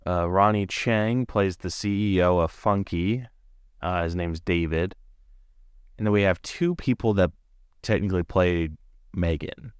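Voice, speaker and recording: A man's voice: low-pitched, clean tone, dry recording, studio quality. A man co-hosting a casual movie review podcast, chatty and full of fillers. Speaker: podcast co-host.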